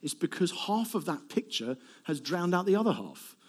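A middle-aged male preacher giving a sermon, animated, asking rhetorical questions and swinging between loud emphasis and soft asides. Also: sits high, normal speed, slightly rough.

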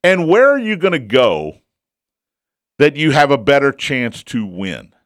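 A man's voice: medium pitch, very animated, unhurried, a bit bright, no room sound, studio quality. A man hosting a casual sports talk show, chatty and opinionated, who asks himself questions and answers them.

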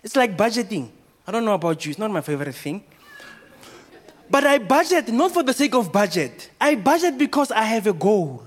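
Man, pastor, high voice, preaching, rhetorical questions. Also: very animated, a little fast. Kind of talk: sermon.

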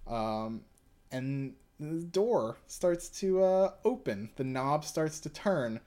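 A man's voice: a little high, expressive, takes it slowly, dark tone. Young male podcast co-host, casual, rambling, filler-heavy. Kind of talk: casual chat and reading a manga aloud.

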